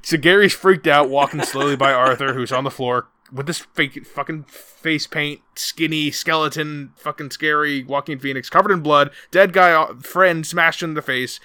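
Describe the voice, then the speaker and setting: A man co-hosting a podcast, casually retelling a film scene in a rambling, profane, animated way. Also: a little high, normal speed, hardly any pauses, clean tone, dry recording. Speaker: podcast co-host.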